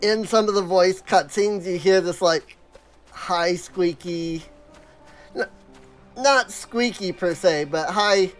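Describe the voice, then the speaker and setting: Chatty man with a high voice. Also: slow, faint music behind. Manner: chatty, rambling, dismissive asides. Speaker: let's play host. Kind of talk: casual gameplay commentary.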